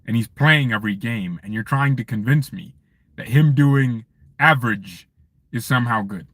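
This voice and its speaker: A man hosting a fan channel live stream from his parked car, chatting casually with viewers in an animated, joking, ranting way. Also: medium pitch, normal speed, no echo.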